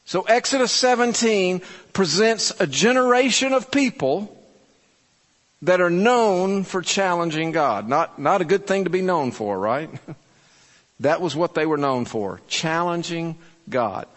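A pastor preaching in an unhurried, deliberate way, leaning on rhetorical questions. His voice sits a little higher than most men's. It carries through the long reverb of a large church sanctuary. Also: lively intonation, a bit bright. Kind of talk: sermon.

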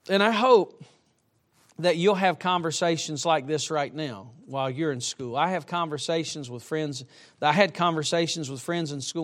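High-voiced preacher delivering a lively sermon. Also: male voice. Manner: emphatic, with humorous asides. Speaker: traveling preacher. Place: church sanctuary.

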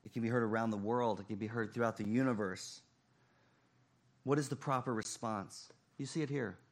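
A man preaching a sermon, swinging between loud emphasis and hushed, quiet phrases. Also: mid-range voice, fairly even intonation, brisk. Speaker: pastor.

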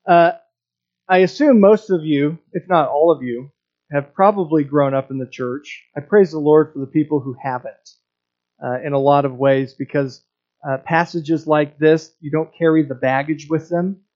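A man preaching a sermon in a fairly high voice, earnest and prone to repeating words as he restarts his thoughts. The recording has a somewhat dull, lo-fi sound. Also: moderate pace, darkish tone. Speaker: pastor.

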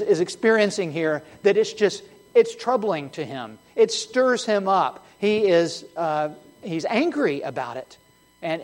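Emphatic male preacher. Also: fairly high pitch. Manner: earnest and emphatic, with frequent restarts and shifts between loud and hushed. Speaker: pastor. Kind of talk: sermon.

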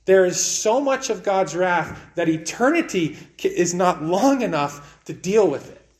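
A man preaching a sermon in an earnest way, repeating words and swinging between raised and hushed delivery. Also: sits high, expressive, measured pace.

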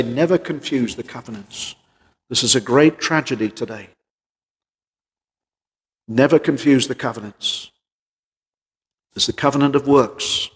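Inside a large hall, a medium-pitched man delivers an earnest sermon. Rhetorical questions push his argument forward as his volume rises to loud emphasis and falls back to calmer passages.

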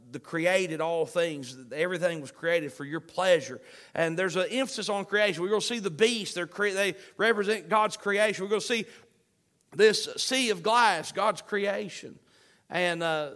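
Man, pastor, preaching a sermon, high voice, repeats phrases for emphasis. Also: a bit bright.

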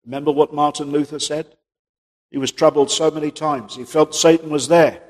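Man, preacher, sermon, husky voice, long hall reverb, rhetorical questions. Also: fairly high pitch, steady tone, moderate pace. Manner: rhetorical questions, rises and drops in volume.

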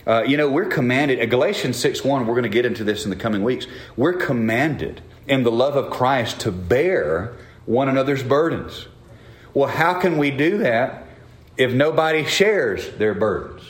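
A man's voice: medium pitch, lively intonation, moderate pace, roomy sound. A middle-aged man preaching a sermon in an earnest, conversational way, often restarting his phrases. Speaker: pastor.

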